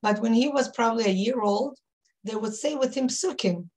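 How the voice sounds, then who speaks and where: On the high side and a little mellow, this woman's voice moves at a moderate pace. She's a rebbetzin in her fifties from Israel, warmly telling stories to a women's group and reminiscing with lots of fillers and restarts.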